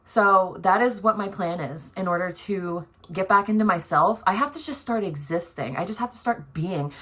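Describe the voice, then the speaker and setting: A woman's voice: medium pitch, moderate pace, sharp tone. A young woman vlogger in casual reflective chat, talking in an earnest, musing way and stretching words out for emphasis. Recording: noisy background.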